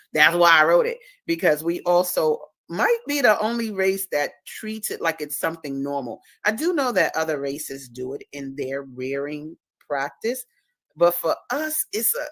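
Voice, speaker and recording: A woman's voice: low-pitched, expressive, a little slow, fairly bright tone, no room sound. A woman hosting a livestream and talking about her own book in a casual, emphatic, preachy way, repeating words for stress. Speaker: host and author.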